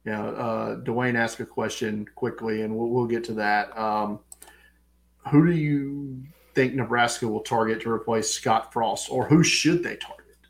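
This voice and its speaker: A man with a Southern US accent, co-hosting a sports podcast in relaxed, casual chat full of fillers. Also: mid-range voice, measured pace, vocal fry. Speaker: podcast co-host.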